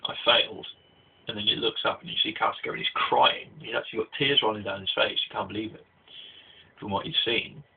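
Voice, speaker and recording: Husky low-voiced man rambling through a review. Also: fast talker. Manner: rambling, many restarts and "like" fillers. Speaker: anime reviewer. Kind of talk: casual spoken review. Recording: tinny phone-like low-quality audio.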